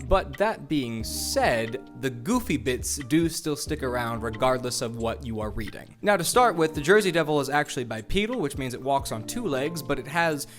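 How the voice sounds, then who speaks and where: A man hosting his own video channel, giving a casual, playful explainer full of jokey asides. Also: medium pitch. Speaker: YouTube host. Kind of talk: casual explainer with a felt board.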